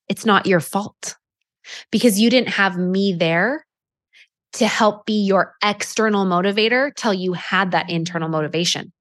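A woman's voice: mid-range voice, fairly bright tone. A woman giving casual sales coaching, talking in a chatty way with plenty of fillers and restarts, and acting out customer conversations. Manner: acts out customer dialogue in quotes.

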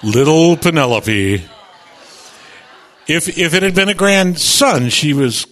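Excitable man radio host, upbeat storyteller. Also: a little high, slow pace. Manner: chatty, repeats words when excited, slips into voices. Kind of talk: animated on-air storytelling. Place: radio studio.

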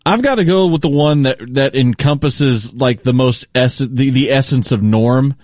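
A man co-hosting a sports radio show, chatting in a lively, casual way. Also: medium pitch, moderate pace, dry recording, clean studio sound.

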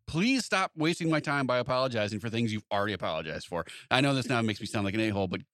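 A man's voice: medium pitch, rapid-fire, no echo, studio quality. A man chatting casually, telling a long anecdote and acting out both sides of the conversations in it. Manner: animated anecdote-telling, acts out quoted exchanges. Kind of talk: casual chat.

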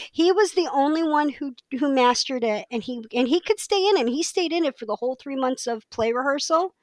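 Woman co-host, casual and eager, higher voice, dry booth sound. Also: brisk, few pauses, no echo. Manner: chatty, enthusiastic, restarts often. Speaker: podcast co-host. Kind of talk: casual chat.

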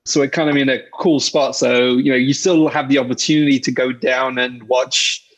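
A middle-aged man, a guest chatting in a relaxed, rambling way with small restarts. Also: medium pitch, moderate pace, lo-fi sound. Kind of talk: casual conversation.

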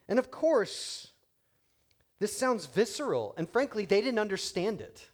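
A middle-aged man preaching a sermon as pastor, animated and joking, acting out quotes in different voices. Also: sits high, measured pace.

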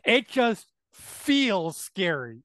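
A man's voice: high-pitched, big pitch swings, a bit bright, no echo, studio quality. A man chatting as a player in a tabletop game, searching for words and restarting often. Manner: slow, searching, many restarts. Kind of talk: casual tabletop game chat.

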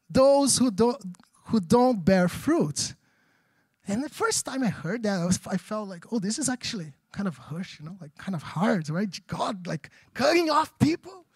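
A man with a notably high voice preaches a sermon in English, which he learned as a second language. His pastoral delivery is animated and chatty, and he keeps asking the room if they follow him. The sound is close and dry. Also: no room sound. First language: not English. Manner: animated, conversational preaching with frequent audience check-ins.

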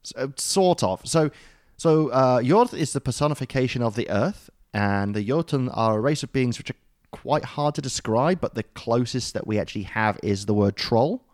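A man's voice: mid-range voice, normal speed, no echo, studio quality. A man co-hosting a podcast in a loose, joking way, with many ums and uhs and casual swearing. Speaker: podcast co-host explaining mythology.

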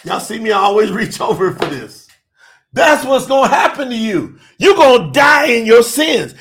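A man preaching an urgent sermon, shouting and pleading with his listeners. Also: very high-pitched, sing-song, normal speed, slight background noise. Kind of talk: fiery sermon.

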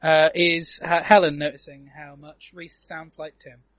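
A man hosting a casual film commentary chat over a video call, chatty and quick to laugh. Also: fairly high pitch, little pitch movement, fairly bright tone, no room sound. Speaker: podcast host.

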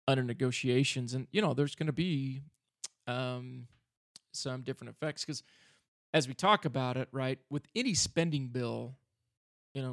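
Male co-host, gravelly and a touch robotic, dry close sound, rambling casual explainer. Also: mid-range voice, dry recording. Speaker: podcast co-host. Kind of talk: casual podcast chat.

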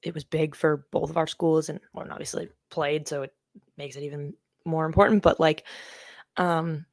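A young woman with a somewhat low voice chats casually as a podcast co-host. She rambles, fills gaps with "um" and swears offhandedly. The sound is dry, with no room echo. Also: steady tone, normal speed, creaky, darkish tone. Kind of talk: casual chat.

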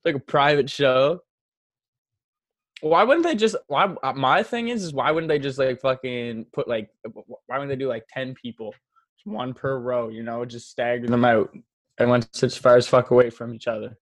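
A man's voice: mid-range voice, moderate pace, dry recording. A young man co-hosting a podcast, joking crudely in a rambling casual chat. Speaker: podcast co-host.

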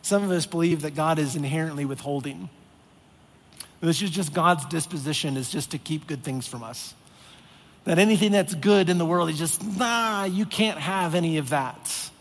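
A man's voice: fairly high pitch, moderate pace. Earnest man preaching in a reverberant hall. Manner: earnest, repetitive emphasis, acts out exasperated voices. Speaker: pastor. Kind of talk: sermon. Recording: long reverb of a large hall.

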